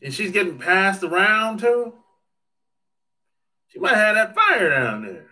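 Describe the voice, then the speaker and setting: A man's voice: sits high, sing-song, slow, bright, forceful tone. A man chatting casually on a livestream, joking, swearing freely and laughing often as he answers viewer comments. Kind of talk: casual chat.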